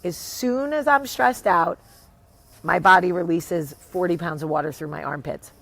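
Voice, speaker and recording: With a lowish, unhurried voice and vocal fry, a New Jersey-accented woman in her thirties or forties tells a casual story for her vlog. As a vlogger and show host, she's animated, curses casually, and performs the voices of the people she quotes.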